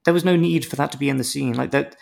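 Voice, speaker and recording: A man with a rough, gravelly edge to his voice reviews a film in loose conversation. He rambles a little, then lands a dry, exaggerated comparison. His pitch sits in an ordinary middle range. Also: fast, darkish tone. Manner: rambling, wry, builds comic analogies. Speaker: film review podcast co-host. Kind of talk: casual film review chat.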